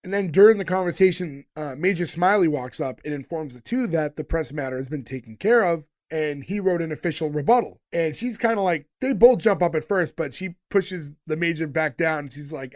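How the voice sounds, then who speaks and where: A man's voice: a little high, lively intonation, a little fast, no room sound, studio quality. A man co-hosting a podcast, recapping a sitcom episode in a rambling, laid-back way. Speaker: podcast co-host. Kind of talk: casual chat recapping a sitcom.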